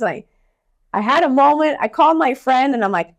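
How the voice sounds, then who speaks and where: A woman mental skills coach talking in a podcast interview, energetic and blunt, telling stories with casual swearing. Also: on the high side, a little fast.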